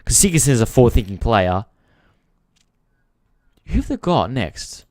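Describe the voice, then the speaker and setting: On a casual football live stream, a male host rants in frustration, swears freely, and addresses his viewers directly. His medium-pitched, darkish voice swings widely in pitch at a moderate pace. The studio-quality audio has no echo.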